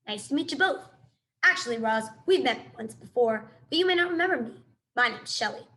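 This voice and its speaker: A chatty female otter, put on by a woman, friendly and easygoing. She tells her story freely. This is a storybook read-aloud with a slightly high voice. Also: animated, brisk, pushed and bright.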